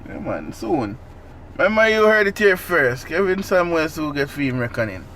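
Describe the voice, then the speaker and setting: A man, co-hosting a podcast in casual chat, agreeable and quick to laugh, repeating phrases. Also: a little high, sing-song, fairly bright tone, a little hiss or hum. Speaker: podcast co-host.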